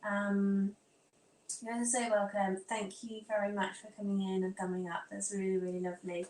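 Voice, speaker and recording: A woman's voice: medium pitch, level tone, brisk, darkish tone. A woman from England, her accent close to standard southern English, hosts a casual live stream from home. She rambles along, talking to herself as she sorts out her phone and laptop. Her voice carries a roomy echo, with a faint hum of ambience behind it. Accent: southern English, near standard. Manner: chatty, scattered, talks to herself while fiddling with devices. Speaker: vlogger hosting a live stream. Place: room at home. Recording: echoey room with faint ambience.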